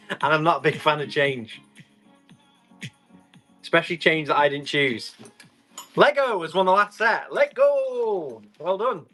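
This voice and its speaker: A man's voice: on the high side, lively intonation, measured pace, pauses often, sharp tone, faint music behind. A man running a live online tool auction, chatting casually and rambling as he jokes with viewers. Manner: chatty and rambling, joking with the chat. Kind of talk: casual live-stream chat.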